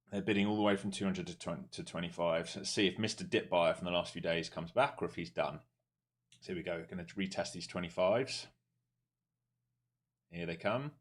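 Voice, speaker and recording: A man giving live running commentary on his trades, talking fast and breaking into excited, swearing outbursts when the market moves his way. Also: low voice. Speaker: day trader streaming live. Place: home trading desk with several monitors.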